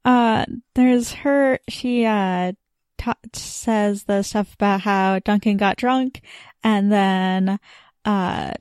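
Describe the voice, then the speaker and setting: A woman's voice: medium pitch, extremely slow, a little mellow, smooth, dry recording, clean studio sound. A young adult woman co-hosting a casual chat, rambling with lots of "like" fillers and giggles. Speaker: podcast co-host.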